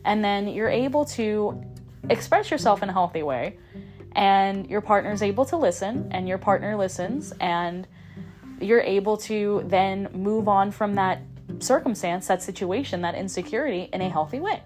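Woman, podcast host, casual upbeat coaching talk, repeats phrases, medium pitch, faint background music. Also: lively intonation, moderate pace. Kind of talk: casual motivational monologue.

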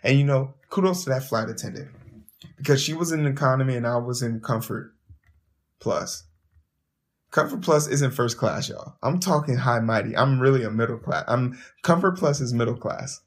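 A man hosting a podcast, telling a story in an animated, profane way, often stumbling and repeating words as he starts his sentences. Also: medium pitch, normal speed. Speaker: podcast host. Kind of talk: storytelling monologue.

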